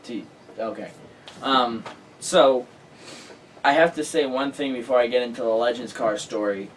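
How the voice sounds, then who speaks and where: Excitable man telling a story. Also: medium pitch, normal speed, recorded from a distance, a little hiss or hum, rough recording. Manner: excitable storyteller, lots of filler words. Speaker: host. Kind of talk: casual chat.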